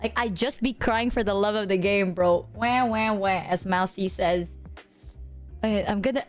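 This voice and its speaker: A woman's voice: medium pitch, fairly even intonation, moderate pace, soft background music. A woman streamer chatting casually to her audience, teary and rambling, with lots of "like" and laughter. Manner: emotional, laughing, rambling with filler "like". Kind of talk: casual live-stream chat.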